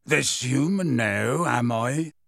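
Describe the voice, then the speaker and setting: A man voicing a big, gruff gamekeeper who answers testily and bluntly. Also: fairly high pitch, big pitch swings, unhurried, dry recording, studio quality, pitched above the performer's own voice, exaggerated voice. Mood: testy. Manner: testy, scathing, blunt.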